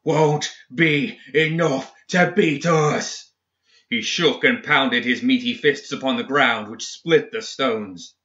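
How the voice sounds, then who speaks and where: A man's voice: medium pitch, unhurried, few pauses, bright, forceful tone, roomy sound. A man voicing a man turning into a maniacal monstrous brute, bellowing and laughing wildly. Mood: raging. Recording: dull lo-fi recording.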